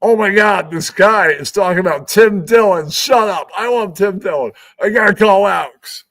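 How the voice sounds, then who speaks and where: A man voicing a bored middle-aged male producer who gets excited while scrolling videos late at night. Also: high voice, normal speed, no room sound, far from the mic, voice pushed up.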